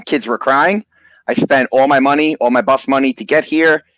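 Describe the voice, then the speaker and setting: A man tells a rambling anecdote in a lively, excited way. His voice sits at an ordinary middle pitch. The sound is close and dry, with no room around it. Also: normal speed, no echo, dull audio. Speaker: podcast guest. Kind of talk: animated storytelling.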